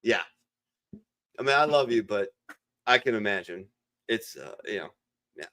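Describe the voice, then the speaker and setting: A middle-aged man telling stories in casual chat, rambling and swearing freely, at times putting on quick voices for the people he quotes. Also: on the low side, animated, crowd noise. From Ohio region. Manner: profane, rambling storyteller. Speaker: podcast regular.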